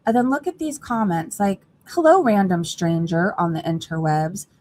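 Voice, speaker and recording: A woman's voice: lowish voice, normal speed, darkish tone, a little hiss or hum. A woman hosting a casual reaction livestream, chatting gossipy and direct to her viewers from her computer mic. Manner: chatty, gossipy, talks straight to chat.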